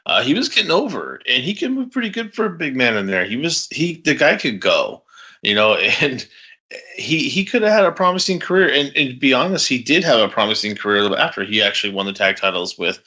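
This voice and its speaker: A man co-hosting a podcast in casual chat, rambling with halting restarts and laughing between phrases. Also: medium pitch, lively intonation, pushed and bright, breathy edge, highs cut off. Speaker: podcast co-host.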